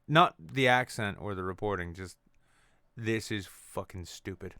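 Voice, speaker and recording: Male late-night host, foul-mouthed and sarcastic, smooth clear voice, dry close sound. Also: on the low side, measured pace, bright, forceful tone, no echo. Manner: sarcastic, crude, swears constantly. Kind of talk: profane satirical news rant. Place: apartment. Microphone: on camera at home.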